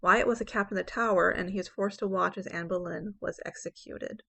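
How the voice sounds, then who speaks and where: A woman's voice: mid-range voice, fairly even intonation, fairly quick, vocal fry, pushed and bright, slightly rough. A woman English professor giving a recorded poetry lecture, explaining step by step and often saying "okay" between points.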